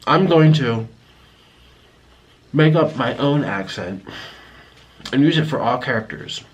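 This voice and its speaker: A man's voice: mid-range voice, expressive, slow pace, muffled recording, a little hiss or hum. A young man hosting a mukbang video, talking casually and rambling with frequent restarts. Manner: chatty, rambling, with frequent restarts and aside remarks. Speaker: mukbang vlogger. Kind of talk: casual eating-video chat.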